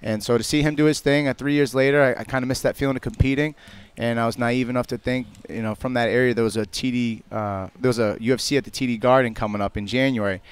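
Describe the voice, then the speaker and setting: Guy fighter, talks quick, smooth clear voice, earnest. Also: mid-range voice, fairly even intonation. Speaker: guest fighter. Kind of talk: casual radio chat.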